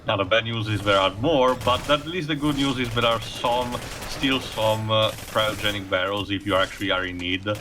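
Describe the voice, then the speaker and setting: Man, let's play commentary, low voice, bright, rambling, faint hiss. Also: moderate pace, hardly any pauses. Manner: rambling, many fillers. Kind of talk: gameplay commentary.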